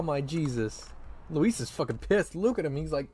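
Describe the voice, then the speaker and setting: A man's voice: a little high, lively intonation, normal speed, warm tone, slightly rough, no echo. Sarcastic man joking over gameplay. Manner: joking, sarcastic, bursts into mock wailing. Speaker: gaming commentator. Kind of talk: let's play commentary.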